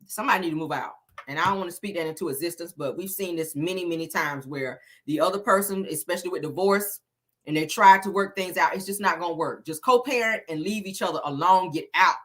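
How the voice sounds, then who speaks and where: Blunt, bright-voiced woman gossip host. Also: lowish voice, fast talker. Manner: blunt, opinionated, swears freely, emphatic. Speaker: entertainment commentary host. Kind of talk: casual gossip commentary.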